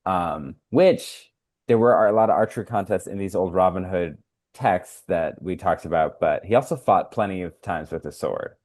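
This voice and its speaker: Low-voiced man rambling a movie recap. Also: normal speed, darkish tone, dry recording. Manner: rambling recap with many fillers. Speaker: podcast co-host. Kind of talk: casual podcast chat.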